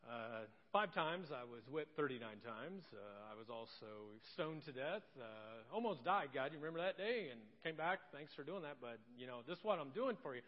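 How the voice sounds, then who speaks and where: A man voicing a worn-out apostle, hesitant and low, sermon-style put-on in a dull, echoing church hall. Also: animated, natural voice. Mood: wry, weary. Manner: halting, hesitant with drawn-out uh's. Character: weary battered apostle man, wryly listing hardships. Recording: dull sound with long church-hall reverb.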